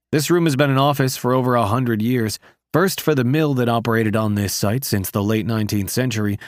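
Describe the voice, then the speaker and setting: Male narrator, first-person novel, wry and conversational, close dry mic, mid pitch. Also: no echo. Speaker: audiobook narrator.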